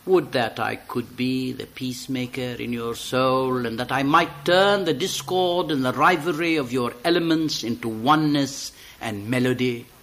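A man giving an expressive poetry reading, slow and deliberate, rising to loud, high emphatic peaks. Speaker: poetry reader.

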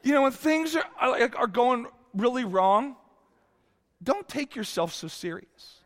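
Male pastor in his 50s, high voice, sermon with long hall reverb, candid storytelling. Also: lively intonation, unhurried. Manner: candid storytelling, swings from hushed to exclaiming.

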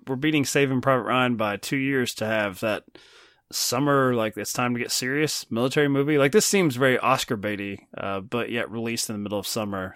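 Dude rambling on a movie podcast, jokey and self-mocking, dry close mic. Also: male voice, medium pitch, fairly bright tone, no room sound. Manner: joking, rambling, self-deprecating. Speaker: podcast host. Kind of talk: casual movie podcast chat.

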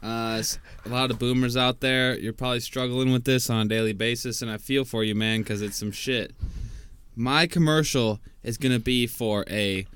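A young man co-hosting a podcast, excitable and slangy, calling his friends "bro". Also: mid-range voice, moderate pace, clear, resonant tone. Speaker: podcast co-host. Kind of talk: casual chat.

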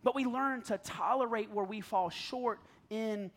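A man's voice: high-pitched, measured pace. A man in his thirties preaching in a conversational, self-deprecating way, telling stories and often laughing. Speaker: pastor. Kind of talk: conversational sermon.

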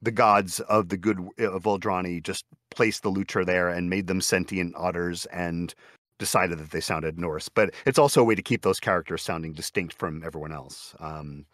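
Speaking from his small home recording booth, a man who narrates audiobooks gives a chatty video-call interview, frequently cutting himself off and playing out quoted conversations. His voice is low and a bit bright, with fairly even intonation and a moderate pace. The sound is clean and free of echo.

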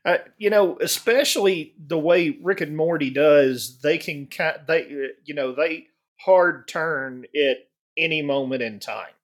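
A man's voice: on the high side, unhurried. A man chatting casually on a podcast in a matter-of-fact way, with casual curses. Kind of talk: casual chat.

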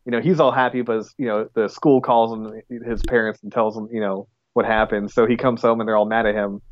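A man's voice: on the low side, steady tone, fairly quick, muffled recording. A man co-hosting a podcast in casual chat, rambling with lots of "like" and restarts. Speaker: podcast co-host.

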